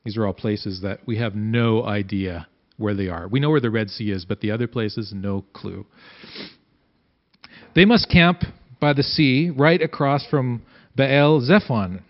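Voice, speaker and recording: A man's voice: on the low side, unhurried. A man reading scripture aloud and explaining it as a Bible teacher, having his listeners repeat lines after him. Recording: dull lo-fi recording.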